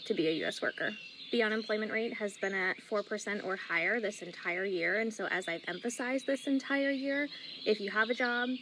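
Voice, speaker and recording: A woman giving earnest, serious commentary on the job market. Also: on the low side. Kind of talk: explanatory commentary. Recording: noisy recording.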